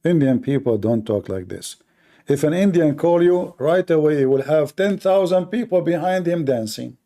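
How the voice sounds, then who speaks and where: A man hosting a live debate stream, needling callers with sarcasm and loose, non-native grammar. His voice sits a little high but sounds mellow and soft-edged. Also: lively intonation, moderate pace. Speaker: livestream debate host. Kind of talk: combative live debate talk.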